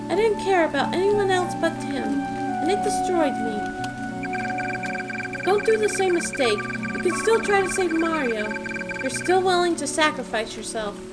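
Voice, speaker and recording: A woman's voice: extremely high pitch, lively intonation, unhurried, pitched above the performer's own voice. Woman reading a solemn ghost woman. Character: solemn female ghost giving warnings. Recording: loud game music behind.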